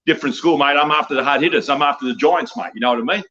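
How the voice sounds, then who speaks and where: Ranting older Australian man, fast. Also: on the high side, bright, forceful tone, dull audio. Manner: blunt, profane, rambling, tags "mate" on nearly every line. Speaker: wrestling guest. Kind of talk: ranting interview talk.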